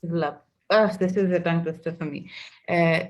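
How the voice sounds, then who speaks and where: A woman's voice: on the low side, fairly even intonation, a little fast, darkish tone, lo-fi sound. Hesitant woman practising pronunciation. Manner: hesitant, repeating words with fillers. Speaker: learner.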